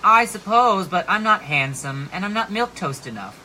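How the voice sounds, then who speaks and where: Fields: Sex: man. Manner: lively, playful, sing-song. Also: fairly high pitch, a little fast, a little hiss or hum, low-quality recording. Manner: animated and playful, bursts into song. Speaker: drag performer. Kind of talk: casual backstage chat. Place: backstage at a bar.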